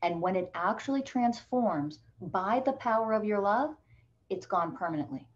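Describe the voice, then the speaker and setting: A woman's voice: mid-range voice, expressive, normal speed, dull audio. A woman coach speaking as a podcast guest, emphatic and motivational, growing impassioned as she makes her points. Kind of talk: podcast interview.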